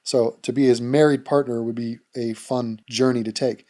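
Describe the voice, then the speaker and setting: A man's voice: mid-range voice, fairly even intonation, moderate pace, mellow. A man hosting a casual vlog, answering viewer questions bluntly, with plenty of swearing and jokes. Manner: blunt, profane and joking. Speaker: YouTube channel host answering viewer questions.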